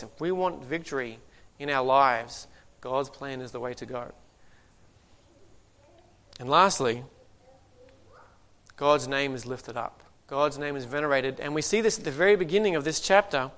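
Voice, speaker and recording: A man's voice: medium pitch, a bit bright. A man preaching a sermon in a conversational way, reading scripture and adding joking asides.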